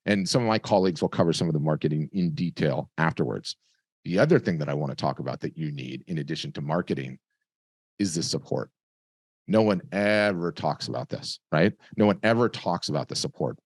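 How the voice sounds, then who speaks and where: A middle-aged man hosting a webinar over a video call, giving a lively, conversational sales pitch. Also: fairly quick, breathy edge, dry recording, studio quality. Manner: lively, conversational, tells stories with acted voices. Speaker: webinar host.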